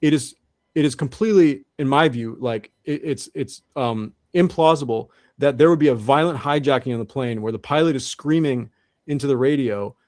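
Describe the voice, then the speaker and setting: A man's voice: medium pitch, normal speed, darkish tone, no echo, clean studio sound. A man as an interview guest, talking in an earnest monologue that often repeats and restarts. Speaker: guest researcher.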